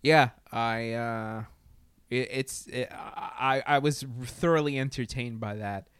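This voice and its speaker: A man's voice: mid-range voice, fairly even intonation, slow, fairly bright tone, clean tone, no room sound. A man chatting casually about a TV show, hesitant, stumbling through restarts as he thinks aloud. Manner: hesitant, many restarts and fillers. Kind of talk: casual review chat.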